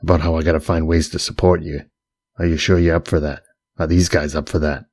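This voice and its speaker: A man voicing a middle-aged getaway driver in an audiobook, low and calm while he lays out threats. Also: a little fast, no room sound. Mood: cool, menacing. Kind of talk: audiobook character voice.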